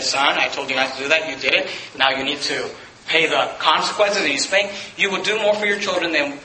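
A pastor preaching in a high, strained voice, swinging from shouted exhortation to quick conversational asides. The sound bounces around a roomy sanctuary, with steady noise in the background. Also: male voice. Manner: fiery preaching, shouting at peaks then dropping to asides. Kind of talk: sermon. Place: church sanctuary. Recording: echoey hall, noisy.

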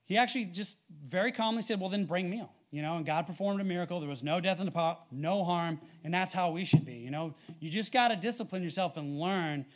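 A man's voice: sits high, a little fast, hardly any pauses. A man preaching a sermon, reading scripture with emphasis and telling stories in a casual, conversational way. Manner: animated, rising loud on scripture readings; conversational with fillers and storytelling.

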